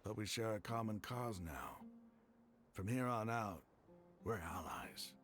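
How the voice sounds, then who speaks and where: A man's voice: fairly low pitch, takes it slowly, fairly bright tone, faint music behind. An actor voicing a resolute male leader of a desert faction in a video game, speaking steadily and persuasively.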